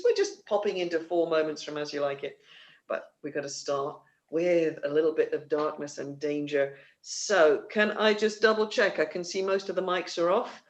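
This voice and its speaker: Chatty, jokey woman hosting a play reading. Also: low voice. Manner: chatty, jokey, self-deprecating. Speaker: book-holder and host. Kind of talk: casual live-stream introduction. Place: home, on a video call. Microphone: video call mic.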